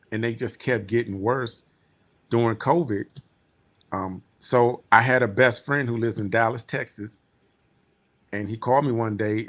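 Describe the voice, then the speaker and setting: A military veteran giving a rambling, heartfelt client testimonial that often trails off quietly. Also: male voice, on the low side. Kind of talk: personal testimonial storytelling.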